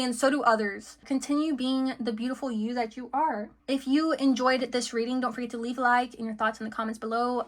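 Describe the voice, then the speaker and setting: A woman with a fairly high, slightly bright voice gives a casual tarot reading. She's chatty and giggly, with lots of fillers and friendly asides.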